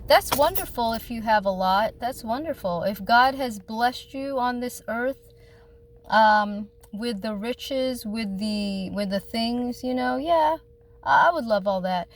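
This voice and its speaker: A woman's voice: on the high side, takes it slowly, low-quality recording. A woman vlogging casually about her faith, rambling and heartfelt, speaking straight to her viewers from a parked car outdoors. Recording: outdoor traffic noise. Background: car and street noise.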